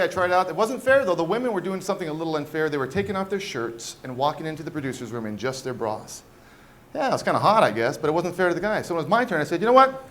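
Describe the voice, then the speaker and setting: High-voiced stand-up comic in a noisy club. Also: male voice. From Washington State, US. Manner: animated, jumps into loud character voices. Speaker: stand-up comedian. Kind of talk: stand-up comedy set. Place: comedy club stage with audience laughter. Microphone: handheld stage mic.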